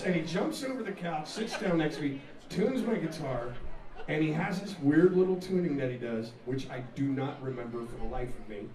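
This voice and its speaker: A man, a rock singer, telling a profane, animated story between songs at a live music venue, laughing and acting out the scene. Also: a little high, normal speed. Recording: echoey live room, mic far off, loud crowd.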